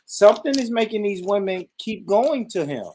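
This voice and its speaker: A man's voice: high voice, normal speed, slight background noise. A man from Tennessee with a Southern American accent, hosting a casual, slangy chat and talking with lots of emphasis. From Nashville, Tennessee. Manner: animated, emphatic, slangy, laughs often. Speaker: podcast host.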